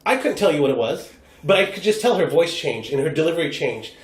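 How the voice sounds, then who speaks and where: Animated American man in a roomy space. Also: fairly high pitch, fast talker. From United States. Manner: animated, acts out quoted voices. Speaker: guest improv performer. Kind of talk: casual podcast chat. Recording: roomy echo.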